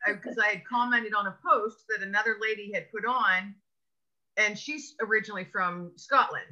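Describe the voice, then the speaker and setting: An American woman hosting a podcast interview, friendly and quick to laugh. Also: mid-range voice, bright, forceful tone, muffled recording. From United States. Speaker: podcast host. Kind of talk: casual interview.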